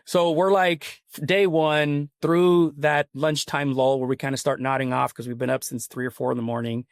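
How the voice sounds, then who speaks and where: A man's voice: medium pitch, fairly even intonation, a little fast, hardly any pauses, no echo, clean studio sound. A man, a podcast guest, telling a long personal story in a casual, rambling and earnest way. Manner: rambling, earnest, full of "like" and "you know". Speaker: podcast guest, company CEO.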